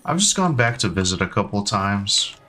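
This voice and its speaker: A man's voice: lowish voice, very animated, moderate pace, pushed and bright, a little hiss or hum. A man in his thirties chatting casually with his stream viewers, rambling and hesitant with lots of ums and restarts. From United States. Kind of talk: casual live-stream chat.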